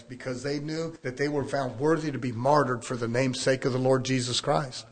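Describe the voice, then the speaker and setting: A man's voice: mid-range voice, steady tone, moderate pace, few pauses. A man preaching a sermon, folksy and emphatic, acting out quotes along the way.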